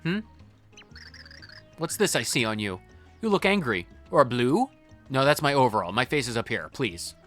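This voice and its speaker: A gamer putting on a vain, flirty shopkeeper woman who thinks herself charming, sing-song and theatrical. Her pitch swings widely, over faint game music. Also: very animated, moderate pace, pauses often, close to an everyday voice. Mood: coaxing. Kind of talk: reading game dialogue in voices.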